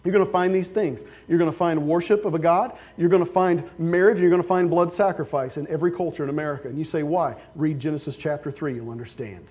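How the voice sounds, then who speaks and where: A male pastor preaching a sermon, with casual stories and sudden loud, emphatic outbursts. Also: fairly high pitch, steady tone, fast talker, few pauses.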